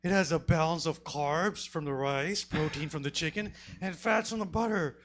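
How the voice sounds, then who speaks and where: A man's voice: on the high side, moderate pace, fairly bright tone, soft background music. A man on a comedy panel, laughing as he earnestly explains money like he is talking to a toddler. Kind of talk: improvised comedy bit.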